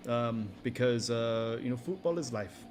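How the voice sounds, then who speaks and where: A man co-hosting a casual sports podcast, talking in a relaxed, rambling way with plenty of fillers. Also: mid-range voice, a little slow, music in the background. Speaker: podcast co-host.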